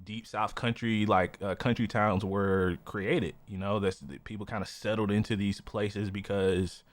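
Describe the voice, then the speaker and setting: A man's voice: fairly low pitch, level tone, measured pace. A man co-hosting a podcast in casual chat, rambling with lots of "you know" and "like" fillers. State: has the hiccups. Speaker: podcast co-host.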